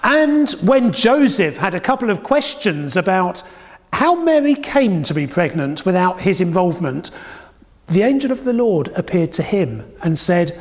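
A man giving a sermon, telling stories with dramatic pauses and a hushed, repeated phrase. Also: sits high, expressive. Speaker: preacher. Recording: long hall reverb.

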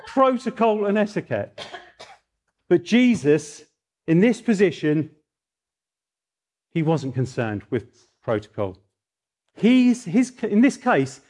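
A middle-aged man preaching a sermon, telling stories in a lively way and rising into mock outrage. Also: high voice.

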